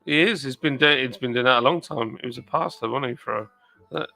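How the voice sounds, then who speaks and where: A man's voice: medium pitch, fast, creaky, sharp tone, soft background music, low-quality recording. An English man hosting a live stream, chatting casually and rambling as he reads out viewer comments. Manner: rambling, chatty, jokey asides.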